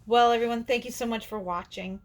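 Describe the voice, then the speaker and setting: A woman's voice: fairly high pitch, steady tone, brisk. A woman hosting her own video channel, telling a personal story to camera in a rambling, chatty way, with frequent laughs and restarted sentences. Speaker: doll artist and channel host.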